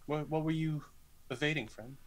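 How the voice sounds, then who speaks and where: A man playing in a tabletop game, speaking in character in an earnest, halting way. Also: on the high side, steady tone. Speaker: player. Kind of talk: in-character tabletop role-play.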